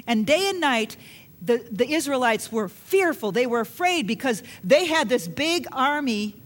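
A woman preaches in a relaxed, conversational way. She reads scripture aloud and then retells it in plain words, often turning to her listeners with questions. Her voice sits a little high. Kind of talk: sermon with Bible reading.

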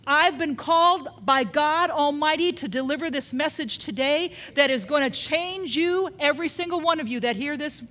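A woman's voice: high voice, moderate pace, hardly any pauses, fairly bright tone. A woman preaching a sermon, emphatic and repetitive, often putting questions to her listeners.

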